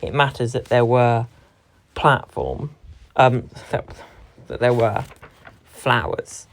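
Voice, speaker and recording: A woman's voice: very deep voice, lively intonation, takes it slowly. A young woman, a drama performer, giving a reflective talk about how a stage scene is split between actors. She is analytical and stresses key words when she quotes lines.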